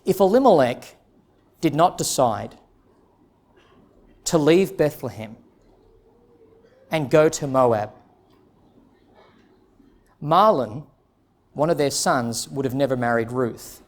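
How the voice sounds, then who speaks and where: A male pastor preaching an expository sermon in an earnest, emphatic way, with dramatic pauses. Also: mid-range voice, lively intonation.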